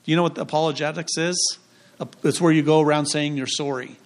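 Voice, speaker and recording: A man's voice: on the high side, fairly even intonation, fairly quick. A man preaching a sermon as pastor, in a conversational way with jokes and rhetorical questions.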